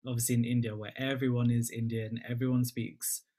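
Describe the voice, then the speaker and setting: Interviewer: man, mid-pitched, winding questions full of fillers. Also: level tone, fairly quick, dark tone.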